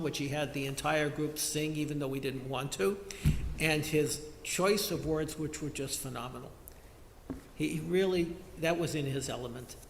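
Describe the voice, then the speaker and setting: A man giving a measured, reflective funeral eulogy as a lay service leader in a large synagogue sanctuary. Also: fairly high pitch, vocal fry, a little hiss or hum. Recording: echoey hall with long reverb.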